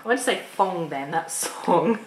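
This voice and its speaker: A woman's voice: on the low side, expressive, moderate pace. Rambling Australian woman in an echoey room. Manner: rambling, laughs often, restarts sentences. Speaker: vlogger. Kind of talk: casual chat. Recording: echoey room with faint noise.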